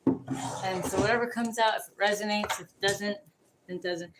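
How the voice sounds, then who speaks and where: A woman reading tarot on a livestream chats loosely, cursing freely and hopping between subjects. She speaks at a normal speed in a mid-range voice with fairly even intonation. The recording is very noisy.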